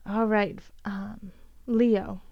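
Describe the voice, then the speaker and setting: A woman's voice: medium pitch, level tone, drawn-out words, creaky, no echo, dull audio. A woman giving an earnest, encouraging tarot reading for each zodiac sign, with many fillers and restarts. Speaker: tarot reader.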